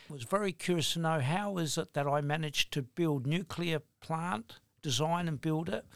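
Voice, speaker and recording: An older man answers interview questions deliberately and firmly, slowing down on some words. His voice sits a little high for a man. The recording is dry and close to the mic. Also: fairly bright tone, no echo. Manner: deliberate, firm, slow in places. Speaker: guest, engineering business owner.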